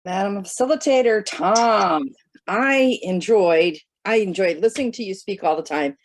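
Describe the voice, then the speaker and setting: A woman's voice: mid-range voice, normal speed. A woman giving formal spoken feedback at a club meeting.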